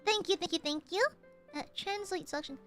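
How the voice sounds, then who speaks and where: A woman's voice: extremely high pitch, fairly quick, fairly bright tone, soft background music. A young woman streamer chatting casually and playfully with her viewers, often giggling and reading chat aloud.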